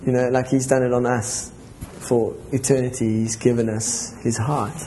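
Guy rambling excitedly at church, mid voice, bit of faint hiss behind. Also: medium pitch, normal speed. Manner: rambling, enthusiastic, with restarts and laughs. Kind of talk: informal church talk.

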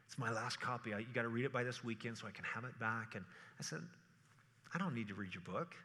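A man preaching a sermon, telling stories with animated energy and acting out quotes in playful voices. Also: medium pitch, fast. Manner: animated storytelling, acts out quotes in funny voices. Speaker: pastor. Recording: reverberant hall.

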